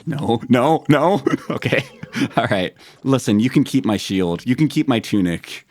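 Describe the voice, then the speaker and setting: Speaking at a normal speed in a lowish voice, this man does animated live gameplay commentary while streaming a video game. He talks to his chat and makes fun of his own mistakes.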